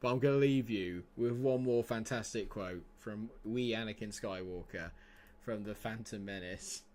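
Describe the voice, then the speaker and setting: A man streaming a football management game live, chatting excitedly and laughing often. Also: fairly low pitch, moderate pace, slight background noise. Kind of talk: casual live game commentary.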